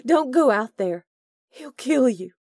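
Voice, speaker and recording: A woman's voice: high voice, fairly even intonation, a little slow, mellow, slightly rough, no room sound, studio quality, voice pushed up, full character voice. A woman voicing a young female country singer who speaks urgently in a raised voice. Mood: pleading.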